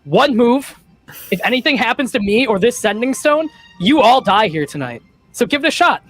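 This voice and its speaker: A woman's voice: fairly high pitch, expressive, normal speed, no room sound, faint music behind, voice pushed up. A woman voicing a vengeful, taunting woman villain in a tabletop game. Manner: taunting, mocking.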